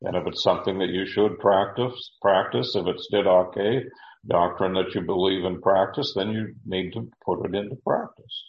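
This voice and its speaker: A man giving a deliberate verse-by-verse Bible teaching, with frequent fillers and repeated words. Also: low voice, vocal fry, roomy sound, dull audio.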